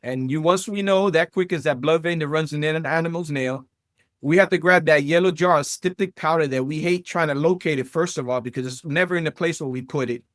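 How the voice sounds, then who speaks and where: A man in his late thirties with a South Florida accent tells his career story as a podcast guest, chatty and full of fillers. His voice sits a little high. The sound is close and dry, with no room around it. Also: brisk, no room sound. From South Florida, USA. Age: 30s. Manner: animated storyteller, many fillers, addresses listeners as guys. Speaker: podcast guest, vet tech and entrepreneur. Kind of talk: casual interview chat.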